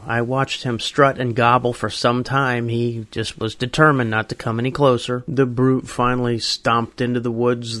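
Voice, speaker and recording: A man's voice: medium pitch, a bit bright, no echo. Folksy male radio storyteller, dry sound. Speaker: radio host.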